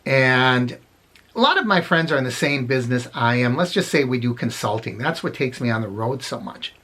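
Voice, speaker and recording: A man's voice: mid-range voice, lively intonation, normal speed, bright, forceful tone. A middle-aged man casually telling funny anecdotes, rambling and correcting himself as he goes. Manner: rambling, self-correcting, chuckles at his own stories. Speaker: storyteller vlogger.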